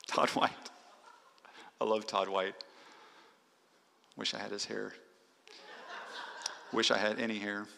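Guy preaching in a church, gravelly and kinda low, long echo off the hall. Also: sharp tone. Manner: earnest, exhorting, lists numbered points. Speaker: pastor. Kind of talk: sermon. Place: church sanctuary.

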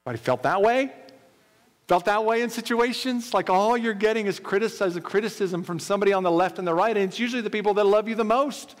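A man delivering a sermon who keeps slipping into the voices of the people in the story. His voice sits high, and a long reverb trails each phrase around a large hall. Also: quick pace. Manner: retells scripture in lively modern paraphrase, voicing characters. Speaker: pastor.

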